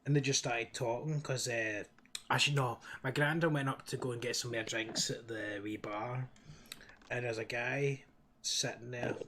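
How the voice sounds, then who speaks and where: A man's voice: medium pitch, fairly even intonation, normal speed, pushed and bright, a little hiss or hum. A man with a thick Glasgow accent, telling a story in a casual gaming chat and laughing often. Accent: Glaswegian. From Scotland. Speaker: streamer.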